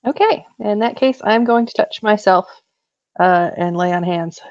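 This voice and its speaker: A woman's voice: mid-range voice, measured pace, darkish tone, dry recording. A woman playing a tabletop game, hesitant with fillers, on a dull lo-fi mic. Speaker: player.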